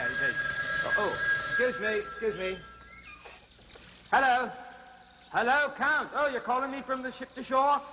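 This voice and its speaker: A man's voice: extremely high pitch, sharp tone, slight background noise, exaggerated voice. An actor playing a cheerful male zoo host who talks chattily and folksily straight to young viewers.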